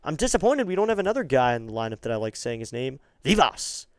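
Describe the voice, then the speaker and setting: Talking very fast in a clear, resonant voice, a man streams amateur baseball commentary as a fan. When the action heats up, his pitch and volume jump sharply; in the lulls he chats with his viewers. The studio sound is clean, with no room sound.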